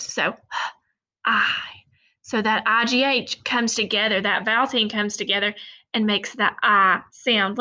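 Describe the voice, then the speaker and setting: A woman teacher giving a recorded phonics lesson to young children, sounding out words slowly and deliberately. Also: fairly high pitch, sharp tone.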